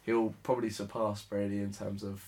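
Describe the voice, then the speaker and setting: Young man, from England, casual podcast co-host, low voice, easygoing, self-deprecating. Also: flat delivery, brisk, a little mellow. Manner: laid-back, laughs often, self-mocking. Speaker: podcast co-host, sports correspondent. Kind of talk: casual chat.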